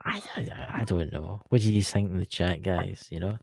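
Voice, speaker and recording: A man's voice: deep voice, moderate pace, vocal fry, darkish tone, slightly rough, no echo. A man with a Scottish accent co-hosting a show, chatting casually, joking and teasing his co-host. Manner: joking, teasing, laughs often. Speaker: podcast co-host. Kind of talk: casual banter.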